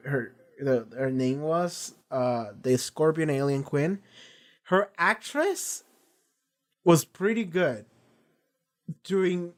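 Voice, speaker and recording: Rambling man reviewing an episode. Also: a little high. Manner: rambling, frequent restarts and swearing; acts out characters' lines in paraphrase. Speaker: reaction channel host. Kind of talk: casual reaction discussion.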